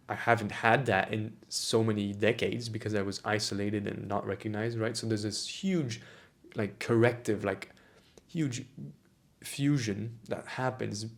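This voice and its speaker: Guy vlogging his thoughts, keeps restarting and repeating himself, gets emotional. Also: medium pitch. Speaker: vlogger on autistic culture. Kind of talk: reflective personal monologue.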